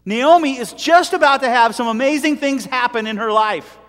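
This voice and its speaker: Animated male preacher, high and lively, joking through a sermon; long church reverb. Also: moderate pace. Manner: animated, jokey, dramatic swings in volume.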